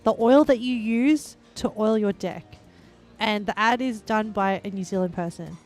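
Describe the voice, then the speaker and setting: A woman's voice: medium pitch, moderate pace, soft background music. A young adult woman live-streaming a game, chatting casually and rambling with lots of filler words. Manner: bursts into excited squeals and laughs.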